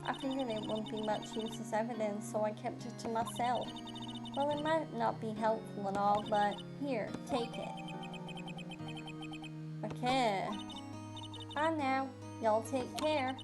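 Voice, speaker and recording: A woman's voice: on the high side, unhurried, long pauses, natural voice. A woman doing a folksy young Southern woman. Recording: game music behind.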